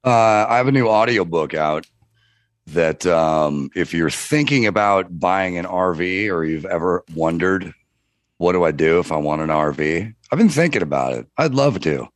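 A man's voice: low-pitched, animated, moderate pace, dry recording. A man co-hosting a podcast in casual chat, asking plain, matter-of-fact questions. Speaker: podcast co-host.

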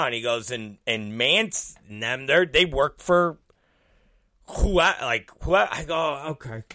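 A man telling a profane story, acting out both sides of old conversations and mimicking others in low, mumbling voices. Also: expressive, unhurried, sharp tone, dry recording, studio quality. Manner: acts out both sides of conversations, swears constantly.

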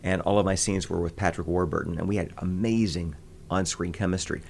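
A low-voiced man from the American Midwest chats in an interview. He tells stories with animated energy and jumps into quick voices now and then. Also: vocal fry, a little hiss or hum. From Midwest United States. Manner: animated storyteller, quick bursts of voices and laughter. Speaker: voice actor guest. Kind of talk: interview conversation.

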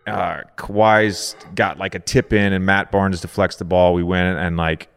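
Lower-voiced man telling stories in a hall. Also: moderate pace, creaky, smooth. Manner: animated storyteller, laughs through his stories. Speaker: podcast co-host. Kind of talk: casual interview chat.

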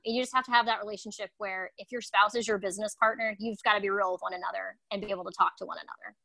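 A woman chatting at a quick clip, candid and intense about what she says. Her voice sits at a middle pitch and is recorded dry and close, with no room sound. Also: steady tone, vocal fry, pushed and bright, no echo, low-quality recording. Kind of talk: casual conversation.

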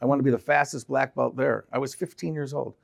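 A man's voice: mid-range voice, fairly even intonation, fast talker, creaky. A man, a company president, talking as a guest in casual conversation, earnest and motivational.

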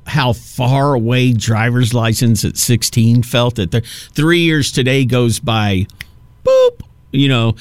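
A man's voice: medium pitch, dry recording. A man in his fifties hosting a talk radio show, rambling through a casual monologue with many restarts and asides. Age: 50s.

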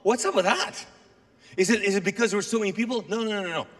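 Animated high-voiced preacher in a reverberant hall. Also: male voice, fast. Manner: animated storytelling, acts out voices of biblical figures. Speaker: pastor. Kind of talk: sermon.

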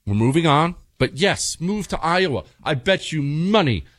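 A male talk-radio host delivers a wry, mock-serious monologue to his listeners. His pitch swings up and down a lot as he jokes, and the studio sound is dry and close, with no room echo. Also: big pitch swings, moderate pace.

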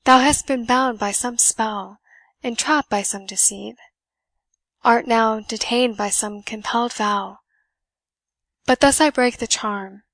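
A woman voicing an earnest young gentleman who speaks solemnly and commandingly. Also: on the high side, steady tone, takes it slowly, long pauses, no room sound, full character voice.

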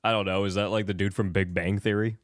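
A man's voice: lowish voice, level tone, quick pace, no room sound, studio quality. A man co-hosting a casual movie podcast, rambling and laughing through his sentences. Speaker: podcast co-host.

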